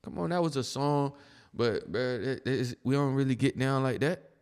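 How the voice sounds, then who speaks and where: A man's voice: medium pitch, moderate pace, a little mellow, smooth, in a large hall. A man giving casual reaction commentary in a blunt, slangy, exasperated manner.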